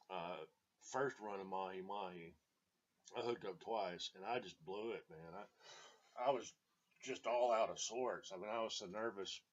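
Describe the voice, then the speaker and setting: A man with a low voice tells an old story in a casual, rambling way, full of fillers and little chuckles. The recording sounds dull and lo-fi. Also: a bit bright. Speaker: storyteller reminiscing.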